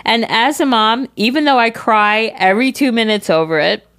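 A woman's voice: a little high, moderate pace, fairly bright tone, no room sound, clean studio sound. Blunt, motherly woman giving advice. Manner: blunt, motherly, emotional, swears freely. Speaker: podcast co-host. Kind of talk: casual advice podcast chat.

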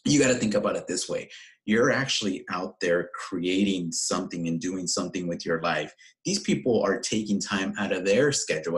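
A man with a very low voice joins a casual podcast as a guest. He gives advice in an animated, emphatic way and often restarts his sentences. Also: low-quality recording. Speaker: podcast guest, watch reviewer.

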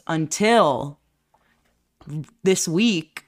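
A young woman with a low voice co-hosts a casual podcast. She teases her friend and tells stories with playful, animated energy. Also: normal speed. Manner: teasing, joking, animated storyteller. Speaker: podcast co-host. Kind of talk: casual chat.

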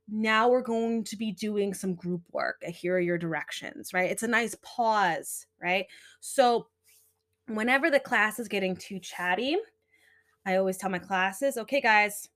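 A woman's voice: medium pitch, a bit bright. A young adult woman hosting a podcast, giving earnest, chatty self-help talk full of "you know" and "right". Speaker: podcast host.

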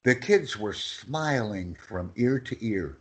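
A man teaching English phrases in a lesson, reading each phrase slowly and with emphasis for his student to repeat. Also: fairly low pitch, lively intonation, fairly bright tone. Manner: slow and emphatic, phrases stressed one by one.

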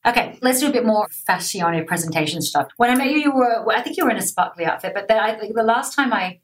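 A woman interviewer asking questions in a lively, playful, chatty way. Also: fairly high pitch, fast. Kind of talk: casual interview chat.

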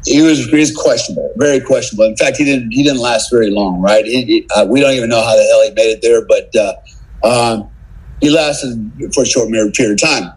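A man's voice: medium pitch, a little fast, husky, poor audio. A middle-aged man, a former special forces soldier appearing as a podcast guest, telling a story in casual conversation. He acts out the dialogue, laughs often and keeps checking in with "right?".

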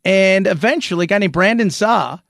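High-voiced man giving heated commentary. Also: fairly quick, vocal fry, dry recording, studio quality. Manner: animated and rhetorical, with frequent restarts. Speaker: commentary show host. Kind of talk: opinionated news commentary.

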